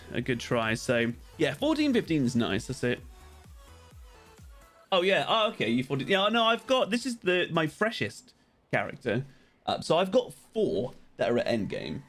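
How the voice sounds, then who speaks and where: A young man rambling casually on a game live stream, greeting viewers by name as he plays. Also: medium pitch.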